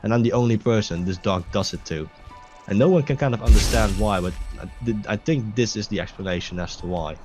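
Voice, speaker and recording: A young man hosting a gaming video chats casually over gameplay in a fairly low, slightly mellow voice at a fairly quick pace. He rambles, restarts his sentences a lot, and swears freely, with game music clearly audible behind him.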